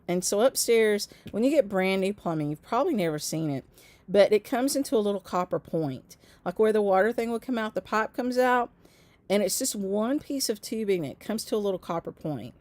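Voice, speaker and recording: A middle-aged woman, casually telling viewers a long story, with laughing asides and lively quoting of others. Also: medium pitch, no echo. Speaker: craft channel host.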